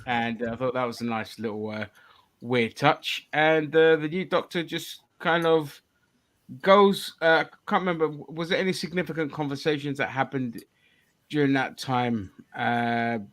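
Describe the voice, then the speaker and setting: A man's voice: medium pitch, steady tone, moderate pace, fairly bright tone. A man hosting a casual review podcast, talking bluntly, swearing freely and steering the discussion. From England. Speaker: podcast host.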